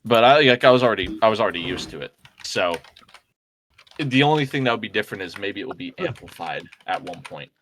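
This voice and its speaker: A man's voice: fairly low pitch, lively intonation, fast talker, a bit bright, a little hiss or hum. A man co-hosting a crude comedy podcast, rambling and stuffing his talk with fillers. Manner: rambling, filler-heavy, lots of "like". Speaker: podcast co-host.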